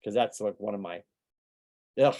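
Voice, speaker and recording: Male coach, warm and low-key tone, casual motivational trainer who asks questions a lot. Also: creaky. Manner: conversational, rapid-fire rhetorical questions. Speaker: business coach.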